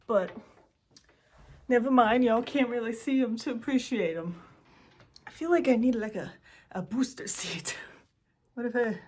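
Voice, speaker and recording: A woman's voice: a little high, darkish tone. A young American woman hosting her own channel, telling a story in a chatty, rambling way with giggles and asides. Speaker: host. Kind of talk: casual storytelling vlog.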